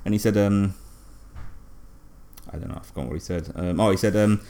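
A man, co-hosting a comedy podcast, telling an absurd story deadpan with lots of fillers and hesitation. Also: on the low side, a little fast. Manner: rambling, hesitant, many fillers. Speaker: podcast co-host.

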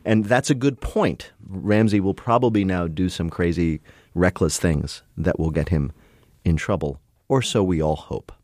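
A man's voice: low-pitched, no room sound, clean studio sound. A man co-hosting a podcast, chatting casually and animatedly about a TV episode, joking and breaking off his own sentences. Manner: animated, quick, jokey, self-interrupting. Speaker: podcast co-host. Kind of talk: casual TV recap chat.

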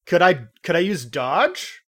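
A man's voice: sits high, big pitch swings, unhurried, a bit bright. A man playing in a tabletop game, chatting casually, joking and laughing often, with hesitant fillers. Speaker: player.

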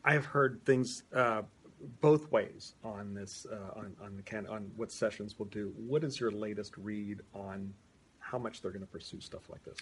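A man's voice: lowish voice, measured pace, a bit bright, slight background noise. A male interviewer asking questions in a loose, conversational way, joking at times and restarting his sentences.

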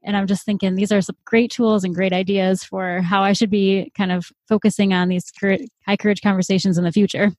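Flat-toned reflective woman co-host. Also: medium pitch, brisk, few pauses, no room sound. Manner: reflective, admits own mistakes. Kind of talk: casual chat.

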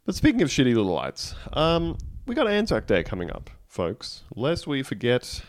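A man's voice: a little high, wildly swooping pitch, moderate pace, no room sound. A man co-hosting a podcast, telling wry stories in casual comedic chat. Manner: dry, wry storytelling with laughs. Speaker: podcast co-host.

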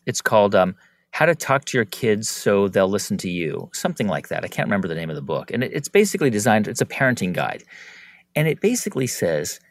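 Animated man with a dry close sound. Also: fairly low pitch, quick pace, no room sound. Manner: animated, expressive storytelling. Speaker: guest, interviewer of founders. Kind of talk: conversational interview answers.

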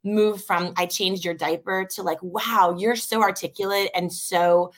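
A woman in her thirties, a guest in a casual interview, telling stories in a lively way with quick asides. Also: medium pitch. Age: 30s.

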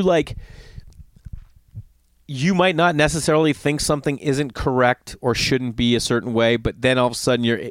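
A man's voice: medium pitch, no echo, studio quality. A middle-aged man telling a long, exasperated story in a casual monologue, swearing often and acting out both sides of the conversation. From Los Angeles area. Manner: animated, profane, exasperated retelling with acted-out quotes.

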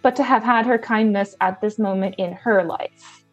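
A woman in her twenties telling a personal story in a lively, expressive, self-mocking way. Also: mid-range voice, moderate pace, muffled recording, faint music behind.

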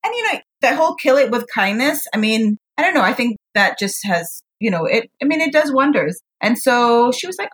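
A woman's voice: fairly high pitch, very animated, fairly quick, few pauses, fairly bright tone. A woman guest telling a story casually, in a sincere and chatty manner.

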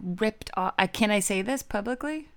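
A woman co-hosting a casual chat, teasing and reacting quickly. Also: mid-range voice, expressive.

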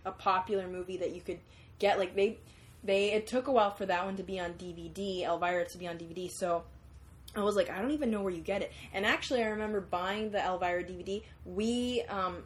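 A woman's voice: medium pitch, a little hiss or hum. A young woman in casual chat who rambles through memories, with many fillers and self-corrections.

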